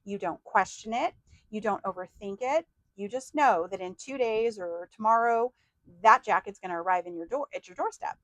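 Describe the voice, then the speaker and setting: A woman mindset coach giving an animated motivational talk, acting out excited inner voices. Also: medium pitch, moderate pace, no room sound, low-quality recording.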